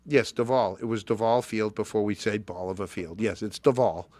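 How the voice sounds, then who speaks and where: A middle-aged man hosting a casual chat, telling stories in an animated way and repeating words when he gets going. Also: on the low side, moderate pace, no echo. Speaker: host.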